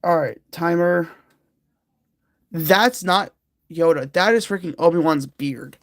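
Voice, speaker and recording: A livestream host chats casually with viewers while working on a jigsaw puzzle, rambling and laughing along the way. The talk is slow and unhurried, with a gravelly, creaky edge. The sound is dry, with no room echo. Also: mid-range voice. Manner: rambling and giggly, chatting with viewers.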